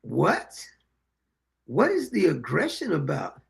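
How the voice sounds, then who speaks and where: A man hosts a commentary show, reacting bluntly and mockingly to clips. His voice sits high and is heavily gravelly, with a lot of fry. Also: wildly swooping pitch, takes it slowly, a crowd in the background.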